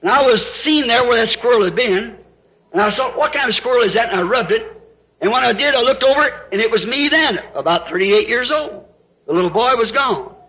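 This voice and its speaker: A man's voice: very high voice, expressive, moderate pace, pushed and bright. An older man preaching a sermon, telling his story in a folksy way that rises into emotional outbursts. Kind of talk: sermon testimony. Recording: dull lo-fi sound.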